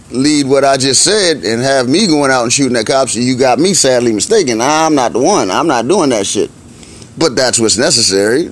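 A man delivering a blunt, profane comic rant in slangy casual speech, often climbing into exasperated outbursts. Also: medium pitch.

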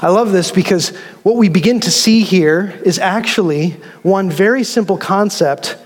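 Male pastor, high voice, lively casual sermon with humor, recorded in a reverberant hall. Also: moderate pace. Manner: animated and conversational, with humor.

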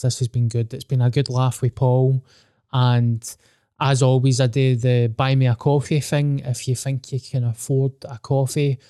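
A man's voice: mid-range voice, dark tone, smooth, dry recording, clean studio sound. A Scottish man hosting a podcast, chatting casually, blunt and sweary with a joking manner. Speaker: podcast host. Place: venue with a dry sound.

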